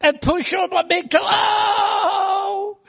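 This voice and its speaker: A man's voice: extremely high pitch, steady tone, slow pace, vocal fry, a bit bright, shouting, voice pushed up, full character voice. A man voicing a whiny mountain man who moans that he is dying. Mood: wailing. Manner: wailing, moaning, melodramatic.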